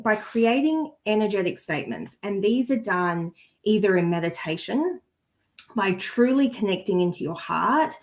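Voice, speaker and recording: A woman co-hosting a podcast as an energy healer, talking earnestly and from the heart in a coaching tone, often restarting sentences as she searches for words. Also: medium pitch. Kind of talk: casual podcast chat.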